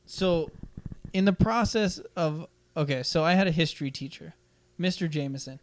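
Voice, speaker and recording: A young man with a voice on the high side hosts a podcast, talking at normal speed. He tells a school story in casual chat, animated and swearing freely, and acts out the quotes loudly.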